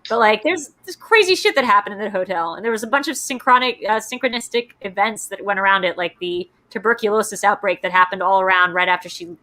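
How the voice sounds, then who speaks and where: A woman's voice: mid-range voice, expressive, quick pace, hardly any pauses, sharp tone, rough recording. A young woman hosting a casual chat, rambling with lots of fillers. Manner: chatty, rambling with many fillers. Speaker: host.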